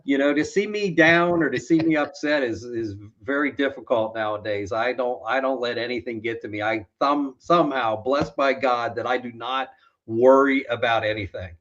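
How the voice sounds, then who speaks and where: A man's voice: mid-range voice, normal speed, fairly bright tone, lo-fi sound. A man co-hosting a casual podcast, telling stories in a laid-back way and chuckling often. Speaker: co-host.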